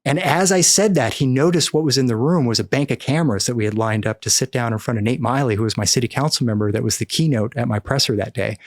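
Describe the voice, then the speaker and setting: A middle-aged man from the American Midwest, guest on a podcast interview, telling a story with animated acted-out dialogue. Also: medium pitch, fast, hardly any pauses, no echo, studio quality. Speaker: podcast guest, cannabis activist.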